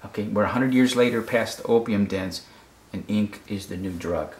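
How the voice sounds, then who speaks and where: A man's voice: lowish voice, moderate pace, a little mellow. A man from the United States explaining a fashion photo casually, often repeating words and checking in with "okay?". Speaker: photography critic. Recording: roomy echo.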